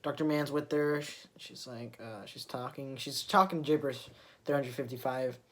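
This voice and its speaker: A man's voice: mid-range voice, moderate pace, a bit bright. Rambling man recapping a comic. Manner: rambling, full of fillers and restarts; retells scenes with quoted lines. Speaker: comic book reviewer.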